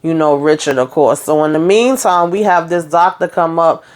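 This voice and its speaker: A woman's voice: low-pitched, moderate pace. A woman casually recapping a TV episode, chatty and profane, with lots of fillers. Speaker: TV show reviewer.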